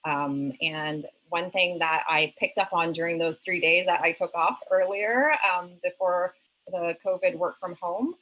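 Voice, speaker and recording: A woman's voice: fairly low pitch, measured pace, muffled recording. A woman answering as a panelist in a webinar discussion. She speaks conversationally and hesitantly, with many ums.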